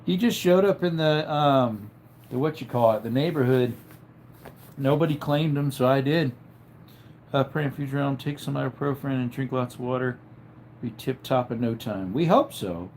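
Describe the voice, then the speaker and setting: A man's voice: moderate pace, a little mellow, a little hiss or hum. Tired man chatting from bed. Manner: low-key, drowsy, trailing off. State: tired, with a headache. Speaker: livestream host. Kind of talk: casual livestream chat, reading out viewer comments. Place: lying in bed at home.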